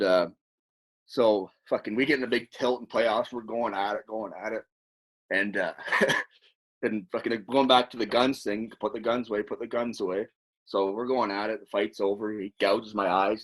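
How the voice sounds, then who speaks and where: Man, lowish voice, casual profane storytelling, rambling, podcast guest. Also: a bit bright. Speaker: podcast guest, former hockey player.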